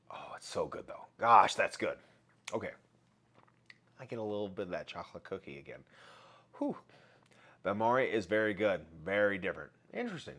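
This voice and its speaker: A man hosting a casual live stream, chatting with viewers, greeting them by name and running giveaways. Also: fairly low pitch. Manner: chatty, reads out viewer names and shouts greetings. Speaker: livestream host.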